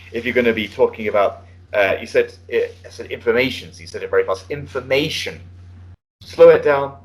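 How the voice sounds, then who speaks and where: A man giving spoken feedback as an IELTS speaking examiner over an online call, relaxed and coaching, with many fillers and restarts. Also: fairly low pitch, low-quality recording. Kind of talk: spoken feedback on a mock test. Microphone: online video call.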